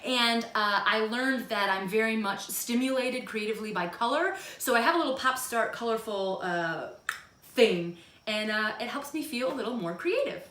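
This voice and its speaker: A woman's voice: lively intonation, moderate pace, a bit bright, slight background noise. A woman, in her thirties, chatting casually in a vlog at home, self-deprecating and jokey. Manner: chatty, self-deprecating, bursts into silly high voices. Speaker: vlogger. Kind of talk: casual monthly favorites vlog. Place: home room. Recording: echoey room.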